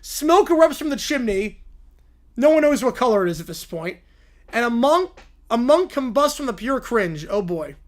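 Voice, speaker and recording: A man live-streaming, reading a silly story aloud with playful, animated asides. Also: very high-pitched, moderate pace.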